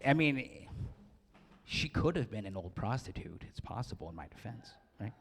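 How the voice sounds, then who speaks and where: A man's voice: fairly low pitch, sing-song, normal speed, vocal fry, husky. A man in his forties giving a joking, self-deprecating wedding speech and laughing often. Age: 40s. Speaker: wedding speaker. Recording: long hall reverb.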